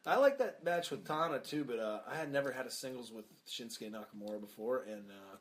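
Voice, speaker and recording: A man's voice: mid-range voice, expressive, fairly quick. A man co-hosting a podcast, trading profane, joking banter in casual chat. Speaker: podcast co-host.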